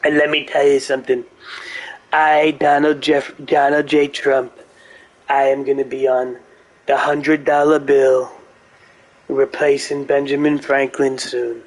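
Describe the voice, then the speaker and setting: A man's voice: medium pitch, little pitch movement, a little slow, natural voice, poor audio. A man doing a rambling, boastful old politician. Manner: rambling, repeats "let me tell you". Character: boastful older male politician, rambling and self-praising.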